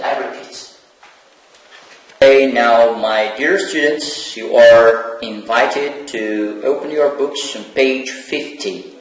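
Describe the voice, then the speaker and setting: A man teaching an English lesson, speaking slowly and repeating key words for his students. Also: mid-range voice, slight background noise. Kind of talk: televised classroom lesson. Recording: echoey room, voice from far off.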